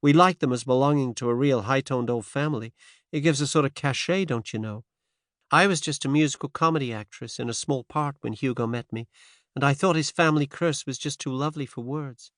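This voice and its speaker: A man's voice: mid-range voice, fairly quick, a bit bright, no room sound, clean studio sound, pitched above the performer's own voice, natural voice. A male narrator voicing a determined American woman of about thirty with a faint American accent, earnest and worried. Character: determined American wife and mother around thirty. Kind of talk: audiobook character voice.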